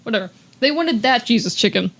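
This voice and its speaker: A woman's voice: on the high side, lively intonation, fast, fairly bright tone. A young woman co-hosting a podcast, telling a long story in casual chat with many fillers and acted-out quotes. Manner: chatty, filler-heavy, acts out quoted people. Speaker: podcast co-host.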